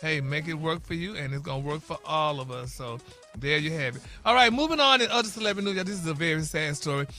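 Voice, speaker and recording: A man dishes celebrity gossip on a morning radio show, and his voice sits high for a man. His tone is bright and sharp. He is sassy and opinionated, drops "honey" and "y'all" into every line, and argues back at his co-hosts. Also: fast, soft background music. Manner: animated, opinionated, bickers with co-hosts.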